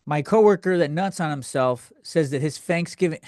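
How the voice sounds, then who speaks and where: A man's voice: on the high side, moderate pace, darkish tone, dry recording, clean studio sound. A man hosting a comedy podcast, ranting in a crude, profane, rambling way with lots of restarts. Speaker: podcast host. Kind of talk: comedic rant.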